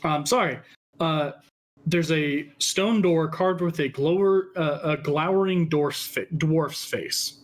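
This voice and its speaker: Man, dungeon master, fairly high voice, halting, lots of ums. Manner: halting, many ums and restarts. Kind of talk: narrating a tabletop game.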